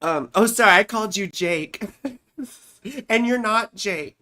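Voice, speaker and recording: A woman talks unhurriedly from her home, drawing out her words in a loose, conversational livestream. She rambles from point to point and keeps checking in with her listeners as she explains. Her voice sits at an ordinary middle pitch. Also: measured pace, bright, forceful tone. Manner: rambling, chatty, peppers explanations with "you see" and "right". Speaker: astrologer host. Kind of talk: casual livestream talk.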